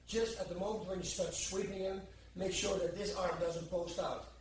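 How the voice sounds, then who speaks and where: A man's voice: high voice, fairly even intonation, moderate pace, a little hiss or hum. A man instructing martial arts escapes while demonstrating on a partner, counting the moves aloud as he goes. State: strained under pressure at times. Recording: echoey room, distant mic, faint background.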